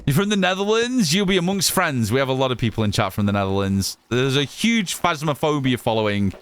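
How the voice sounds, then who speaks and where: A chatty English man with a smooth, clean voice at an ordinary middle pitch. He streams a game live, talking through it and answering his chat in an easy, rambling way that circles back on its own phrases. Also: sing-song, fairly quick. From Northwest England, Cheshire. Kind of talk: casual live gameplay chat.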